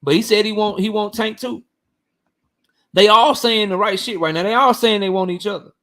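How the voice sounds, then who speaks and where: A man's voice: high voice, normal speed, a bit bright. A man hosting a boxing livestream and reading chat, talking bluntly and profanely, heated and repeating himself. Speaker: boxing channel host.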